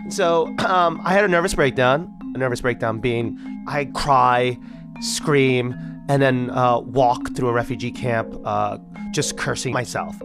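A man in an interview, casually telling his own story in an animated, chatty way, with music playing underneath. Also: mid-range voice, unhurried. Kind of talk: casual first-person storytelling.

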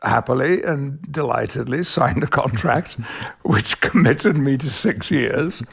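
Older man, gravelly, husky, measured storyteller. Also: mid-range voice, a bit bright. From Yorkshire, England. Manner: measured storytelling with frequent chuckles. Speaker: actor, interview guest. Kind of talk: conversational anecdote.

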